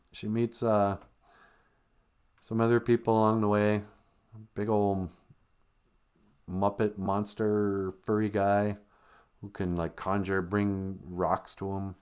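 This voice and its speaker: A man's voice: lowish voice, smooth. A man hosting a live stream, casually retelling a film as a rambling, joking storyteller.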